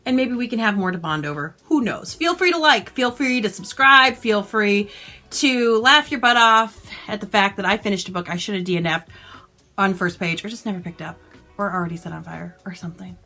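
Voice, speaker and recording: Animated, bright-voiced woman ranting about books. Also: mid-range voice, moderate pace, faint music behind. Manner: exasperated, sarcastic, animated retelling. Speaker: book vlogger. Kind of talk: casual ranting book review.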